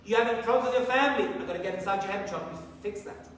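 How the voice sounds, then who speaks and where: A man giving a sermon as a rabbi, telling a story and acting out the dialogue in lively bursts. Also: sits high, quick pace, hardly any pauses, slight background noise. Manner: animated storyteller, acts out dialogue. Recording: echoey hall from far off, faint ambience.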